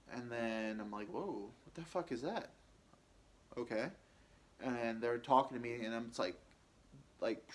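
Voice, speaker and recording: A man telling a personal story on his podcast in a halting, rambling way, with many fillers and restarts. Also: medium pitch.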